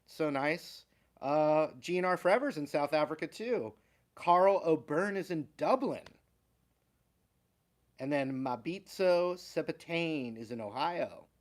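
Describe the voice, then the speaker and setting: A man's voice: fairly high pitch, lively intonation. Laid-back man reading viewer names. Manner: slow, easygoing, chuckles between names. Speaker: guitar teacher and livestream host. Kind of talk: casual livestream chat, reading out viewer names.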